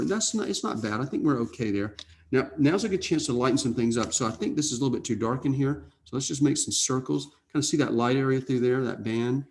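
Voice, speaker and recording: Gravelly-voiced man demonstrating airbrush painting. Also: mid-range voice. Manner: relaxed, thinking aloud with frequent "okay?" check-ins. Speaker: art instructor.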